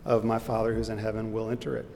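A man teaching a Bible study lesson in an earnest, explanatory way, pausing with fillers and restarts. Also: completely flat delivery, mellow. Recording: echoey hall with faint rumble.

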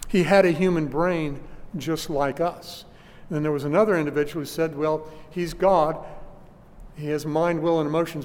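A man preaching a sermon, teaching church history deliberately with frequent restarts, recorded in a church hall. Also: on the high side, darkish tone. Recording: long hall reverb.

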